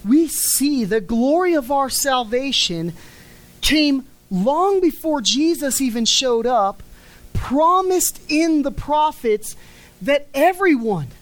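Her voice sitting high and animated, a woman delivers an emphatic sermon on a rough recording. She draws out the key words and lets each line drop off at its close.

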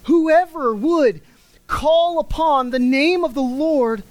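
A woman's high, slightly mellow voice carries an emphatic sermon over a rough recording. She holds key words long, and her lines sink at their endings.

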